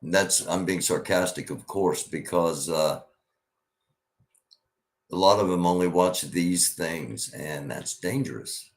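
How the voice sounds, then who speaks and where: A man's voice: deep voice, slow. A man hosting a live news commentary show, talking sarcastically over clips he plays.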